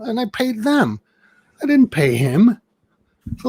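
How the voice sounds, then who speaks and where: A man's voice: sits high, huge pitch swings, measured pace, darkish tone, husky, no room sound. Middle-aged man, casual chat, swears often, rambling, dry close sound. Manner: rambling, profane storytelling.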